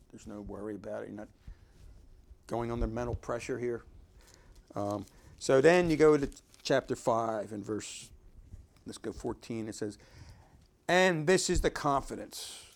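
A man's voice: medium pitch, measured pace, gravelly. A man giving informal Bible teaching, talking conversationally and reading verses aloud with emphasis. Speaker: preacher.

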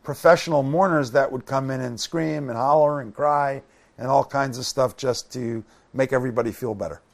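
A man's voice: mid-range voice, moderate pace. A man giving a Bible study sermon, reading scripture aloud and breaking off with folksy asides. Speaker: preacher.

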